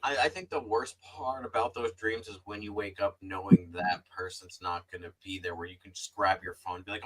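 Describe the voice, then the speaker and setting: Low-voiced male panelist, lively storyteller, loose and profane. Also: brisk, hardly any pauses, over a noisy crowd, poor audio. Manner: animated storyteller, swears casually. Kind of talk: casual chat.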